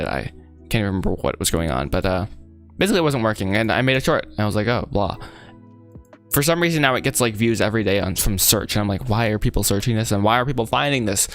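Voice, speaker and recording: A young man rambling casually and laughing often while he works on a 3D model and chats with viewers. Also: on the low side. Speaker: 3D artist streaming his work. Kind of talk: casual live chat while working.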